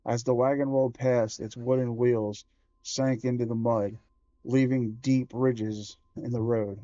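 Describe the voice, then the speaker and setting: A man reading a children's horror book aloud, slow and measured with small self-corrections. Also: mid-range voice, flat delivery, mellow, dry recording, highs cut off.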